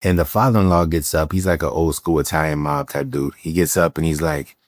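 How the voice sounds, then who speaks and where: A man, a real estate entrepreneur telling animated stories as a podcast guest, acting out the quotes with many fillers and restarts. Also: very deep voice, a little fast, dry recording, clean studio sound. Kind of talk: casual storytelling interview.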